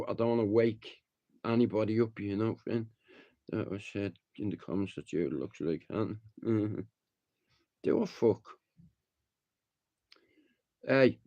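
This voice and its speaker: A man's voice: fairly low pitch, mellow. Swearing man, muffled lo-fi sound. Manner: profane, rambling, heated when retelling fights. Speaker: live streamer. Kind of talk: casual rambling talk to viewers. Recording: dull lo-fi sound.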